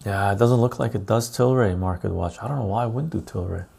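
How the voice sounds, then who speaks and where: A man's voice: lowish voice, fast, gravelly, warm tone, slight background noise. A man hosting a live stream, thinking aloud in casual commentary as he pulls up stock charts, muttering and checking in with "right?".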